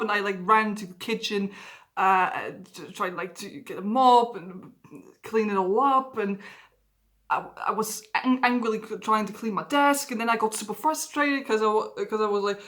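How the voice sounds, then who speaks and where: A woman speaks to her viewers in a personal, confessional vlog. She talks openly and frankly. Her voice sits at an ordinary middle pitch. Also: normal speed, a bit bright. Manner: candid, emotionally open storytelling. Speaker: vlogger.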